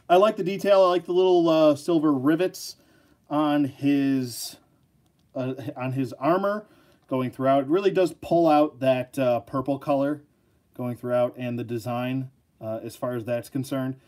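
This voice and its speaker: A man's voice: medium pitch, darkish tone. A man hosting a casual live action figure review, joking and rambling as he talks to his viewers.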